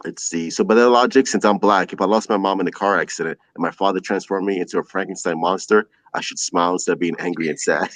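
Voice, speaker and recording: A man's voice: sits low, steady tone, quick pace, hardly any pauses, no echo. A man hosting a livestream show, chatting casually, reading viewer comments aloud and laughing often.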